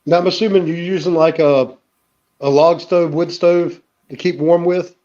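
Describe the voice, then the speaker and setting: A man with a high but mellow voice tells rambling family stories on a casual livestream. The sound is dull and lo-fi, like a stream over a call. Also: steady tone, normal speed. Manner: rambling anecdotes with acted quotes. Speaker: livestream host. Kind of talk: casual storytelling chat.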